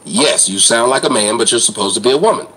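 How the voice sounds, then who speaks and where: A man's voice: mid-range voice, animated, fast talker, pushed and bright, husky, low-quality recording. A man hosting an online commentary show, ranting in a blunt, crude, mocking way.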